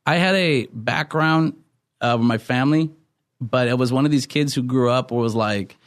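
A man's voice: medium pitch, normal speed, no room sound, studio quality. Earnest man telling his testimony. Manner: earnest storytelling with frequent restarts. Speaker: pastor. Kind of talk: testimony in a podcast interview.

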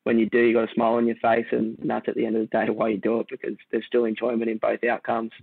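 Australian man, podcast guest, flat gravelly voice, laid-back rambling storyteller, tinny phone-like line, dry sound. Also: mid-range voice, fast, no echo. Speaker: guest surfer. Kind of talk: casual storytelling conversation.

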